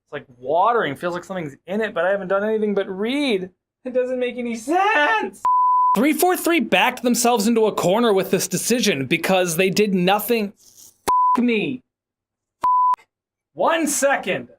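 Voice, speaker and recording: Animated, high-voiced ranting man. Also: a little fast, background noise. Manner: profane, sarcastic, self-mocking. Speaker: game critique commentator. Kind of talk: ranting commentary with blooper outtakes.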